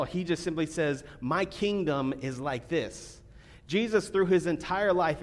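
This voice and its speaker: A man giving a sermon as a pastor, talking casually with fillers and restarts, then reading scripture more quietly. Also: on the high side. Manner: conversational preaching with fillers, reads scripture quietly.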